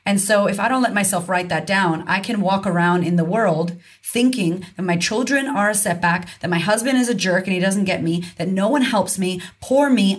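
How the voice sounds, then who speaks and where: A woman confidence coach, a guest in a casual podcast conversation, talking frankly and emphatically and swearing casually. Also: lowish voice.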